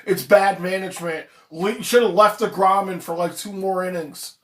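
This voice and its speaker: A man's voice: high-pitched, normal speed, a bit bright. Profane fired-up male sports streamer. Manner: reads viewer chat aloud. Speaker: live streamer, sports fan. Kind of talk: live stream sports reaction rant. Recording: echoey room.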